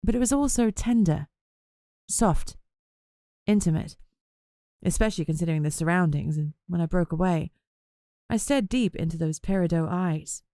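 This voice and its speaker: A woman with a low voice reading a first-person novel aloud. Her narration is wry and conversational, with a close, dry sound. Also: normal speed, pauses often, warm tone, no room sound. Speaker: audiobook narrator.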